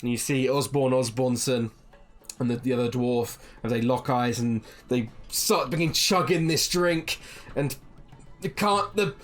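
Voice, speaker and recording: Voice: mid-range voice, measured pace, soft background music. A game master narrating a tabletop game in a rambling way, full of fillers and "like"s.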